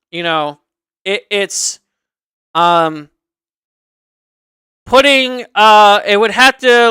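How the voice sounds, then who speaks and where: High, bright-voiced rambling streamer. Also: male voice, smooth, dry recording. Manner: rambling, circles back and repeats points. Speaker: livestream host. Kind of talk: casual unscripted chat.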